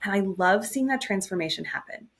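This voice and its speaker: A woman hosts her own podcast alone, speaking straight to her listeners as a coach. Her voice sits at an ordinary pitch, and her manner is reflective and earnest, gently upbeat as she shares her thoughts. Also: lively intonation, a little fast. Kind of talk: solo podcast monologue.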